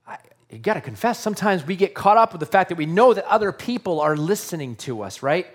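A man's voice: sits high, very animated, fast talker. A man preaching a sermon to his congregation in an earnest, conversational way, often asking rhetorical questions. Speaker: pastor.

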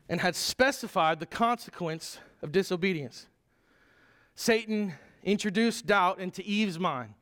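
A man delivers a sermon to his congregation with a clearly high voice. He speaks in an earnest, emphatic way and now and then stumbles and restarts a word. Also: a bit bright. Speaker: pastor.

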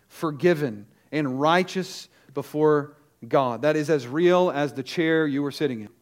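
A man preaching with urgency and emphasis. His voice sits a little higher than most men's. He punches key words hard, then slips into quick, lower asides. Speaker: pastor. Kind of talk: sermon.

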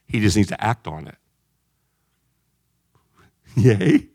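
A man preaching a sermon in an animated way, jumping between loud shouts and quiet asides. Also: fairly low pitch, takes it slowly, no room sound, clean studio sound.

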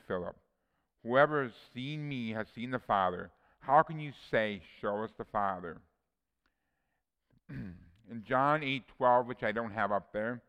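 A man's voice: medium pitch, clear, resonant tone, lo-fi sound. Earnest male preacher in a reverberant hall. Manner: earnest, reads verses aloud, personal asides. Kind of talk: sermon with scripture readings.

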